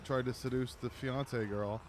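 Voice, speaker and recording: A man's voice: mid-range voice, steady tone, unhurried, slight background noise. A man co-hosting a gameplay podcast, casually telling a rambling, profane story and joking about the game. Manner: loose storytelling, profane, laughing. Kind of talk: casual chat over gameplay.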